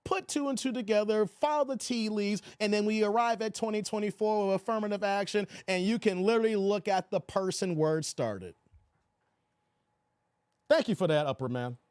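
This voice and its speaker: A man's voice: sits high, moderate pace, smooth, no room sound, studio quality. A man hosting a livestream, reading viewers' chat and roasting them in casual, slangy, taunting talk. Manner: trash-talking, taunting and slangy; animated, laughs often.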